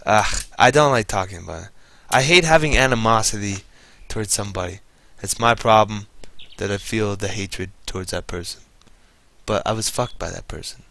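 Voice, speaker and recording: Bright-voiced, profane man ranting. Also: lowish voice, normal speed, creaky. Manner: profane, rambling, bitter. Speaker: gamer telling stories. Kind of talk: casual commentary over gameplay.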